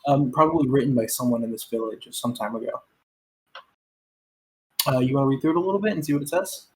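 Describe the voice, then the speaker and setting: A woman's voice: a bass voice, fast talker, slight background noise, low-quality recording. A woman running a tabletop game as game master, narrating casually with lots of ums and likes. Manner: casual, filler-heavy narration with many "um" and "like".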